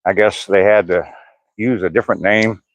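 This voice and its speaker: A man's voice: on the low side, steady tone, moderate pace, no room sound, dull audio. Chatty older man on a walk. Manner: chatty, answers chat viewers by name, laughs often. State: sore hip. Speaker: vlogger reading live chat. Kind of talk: casual livestream chat on a walk. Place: outdoors on a walk.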